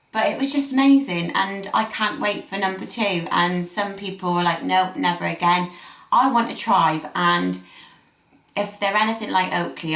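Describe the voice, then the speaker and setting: Gushing young woman with a gravelly voice. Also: on the low side, fairly bright tone. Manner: gushing, repeats words for emphasis. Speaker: vlogger. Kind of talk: personal storytelling to camera. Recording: echoey room.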